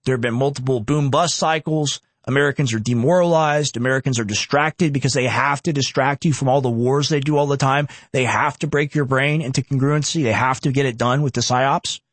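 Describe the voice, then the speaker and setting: A man hosting a reaction commentary show, indignant and sarcastic, talking in quick bursts. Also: mid-range voice, fairly even intonation, dry recording. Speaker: online commentary host.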